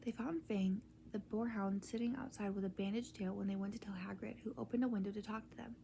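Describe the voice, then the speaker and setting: A woman reading a storybook aloud in a soft, unvoiced ASMR whisper. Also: mid-range voice, steady tone, brisk, vocal fry, slight background noise.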